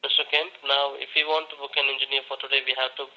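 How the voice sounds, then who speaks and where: A man's voice: medium pitch, flat delivery, quick pace, bright, forceful tone. A man working as a customer service agent on a phone call, polite and formal, apologizing and repeating the caller's name.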